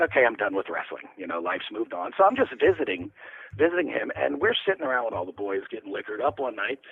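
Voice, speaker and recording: Male interview guest, gravelly and husky, rambling profane storyteller, tinny phone-line sound. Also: medium pitch. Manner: rambling, profane, laughing anecdotes. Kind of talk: casual storytelling.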